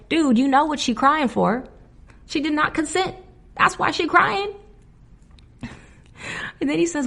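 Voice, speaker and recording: A woman hosting a music podcast alone, talking in a casual, animated way, laughing often and getting indignant. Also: high voice, a little slow, vocal fry, pauses often. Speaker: podcast host. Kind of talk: casual solo podcast commentary.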